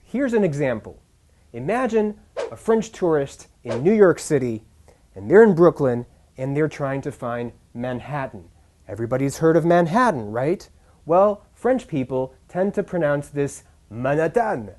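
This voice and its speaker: A man teaching English pronunciation in a scripted lesson, speaking deliberately and stressing key syllables. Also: a little high, lively intonation, darkish tone.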